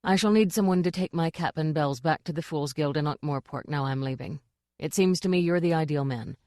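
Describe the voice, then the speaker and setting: A woman voicing a gentle, polite male king who was once a jester. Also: sits low, brisk, no echo, studio quality, lightly acted. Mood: fretful. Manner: soft, polite, fretful.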